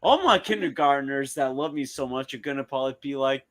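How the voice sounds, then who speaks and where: A man chatting casually as a guest, animated and often stammering over his restarts. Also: mid-range voice, a little fast. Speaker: guest, streamer and school counselor. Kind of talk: casual chat.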